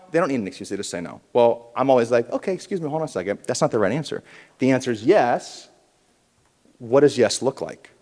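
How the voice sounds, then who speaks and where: An animated man delivers a punchy conference talk, his pitch jumping up and down with energy. The sound comes through a large hall with a long, ringing reverb. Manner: animated, punchy, with audience call-and-response. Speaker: keynote speaker at a realtors conference. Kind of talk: motivational conference speech.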